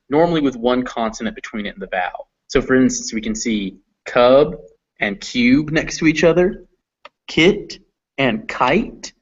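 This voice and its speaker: A man tutoring English pronunciation, patiently listing example words one at a time. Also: medium pitch. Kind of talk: slow explanatory teaching. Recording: muffled lo-fi audio.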